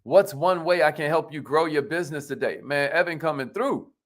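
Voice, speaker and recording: A man hosting a live stream about business networking, reading out viewers' comments by name, repeating his phrases and leading affirmations with lively energy. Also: on the high side, fairly quick.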